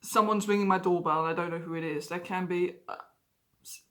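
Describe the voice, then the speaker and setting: A woman's voice: lowish voice, fairly even intonation, a little fast, fairly bright tone. A woman talking openly and personally to camera in a confessional vlog. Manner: candid, emotionally open storytelling. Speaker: vlogger.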